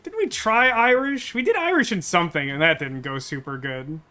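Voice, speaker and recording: A man's voice: sits high, normal speed, sharp tone. A man hosting a let's play, reading game dialogue aloud and breaking off into joking, rambling asides.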